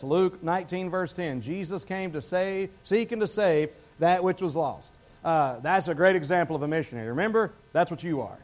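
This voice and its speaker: A man's voice: high-pitched, darkish tone. A male pastor preaching a sermon in a church, talking conversationally and asking the congregation questions.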